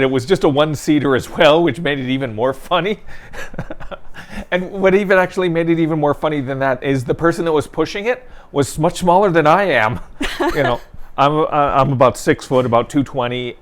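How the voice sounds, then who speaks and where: A man co-hosting a local newspaper talk show, telling stories in a chatty way and laughing often. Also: mid-range voice. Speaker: newspaper co-host. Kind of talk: casual chat.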